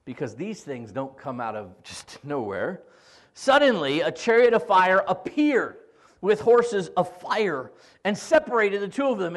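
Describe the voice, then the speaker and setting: A male pastor preaching a sermon, retelling scripture in an animated, joking way. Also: high voice.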